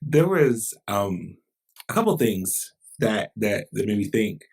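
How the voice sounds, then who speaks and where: A man's voice: lowish voice, very animated, slow, gravelly, a little mellow, slightly rough. A man, a pastor hosting a podcast, talking in a reflective, conversational way. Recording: distant mic, roomy.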